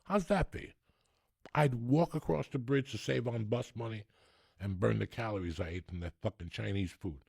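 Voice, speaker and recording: This podcast host, a man in his 60s, has a fairly low, gravelly, slightly rough voice at a moderate pace, recorded studio-quality with no echo. He tells rambling, profane comic stories in an animated storytelling rant.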